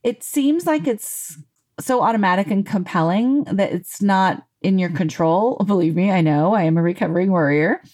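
A woman giving a casual motivational talk in a lively, conversational way, full of "you know" and "like". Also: mid-range voice, normal speed. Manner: animated, conversational, acts out quotes; frequent fillers like "you know" and "like". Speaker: self-help speaker.

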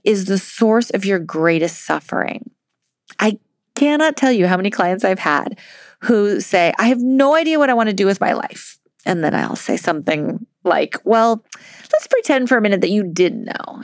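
Woman coach hosting a podcast, animated upbeat chat, dry close sound. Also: mid-range voice, no room sound. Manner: upbeat, chatty, laughs often, uses "like". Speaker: life coach. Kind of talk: casual solo podcast advice.

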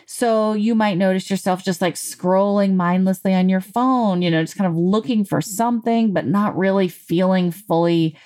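A woman giving a casual motivational talk in a lively, conversational way, full of "you know" and "like". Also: medium pitch, normal speed, hardly any pauses. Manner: animated, conversational, acts out quotes; frequent fillers like "you know" and "like". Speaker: self-help speaker.

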